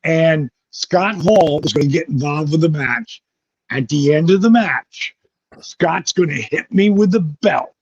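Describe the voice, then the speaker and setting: A man being interviewed, telling lively, profane stories and acting out the voices of the people in them. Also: on the high side, measured pace, husky, no echo. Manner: vivid, profane storytelling that acts out quoted voices. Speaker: guest, former pro wrestler. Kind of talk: animated storytelling interview. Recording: dull lo-fi recording.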